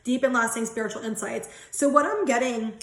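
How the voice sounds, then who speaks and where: Mulher tagarela numa sala com eco. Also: female voice, a little high, brisk, a bit bright, echoey room. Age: 30s. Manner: chatty, giggly, swears casually. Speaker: tarot and angel card reader. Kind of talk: casual spiritual card reading.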